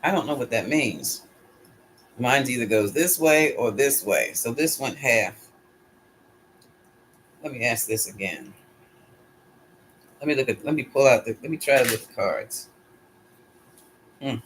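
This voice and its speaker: A man's voice: mid-range voice, animated, measured pace, long pauses, fairly bright tone, slight background noise. Man musing through a tarot reading. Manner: musing, thinks aloud, questions his pendulum. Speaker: tarot reader. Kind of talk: casual solo tarot reading.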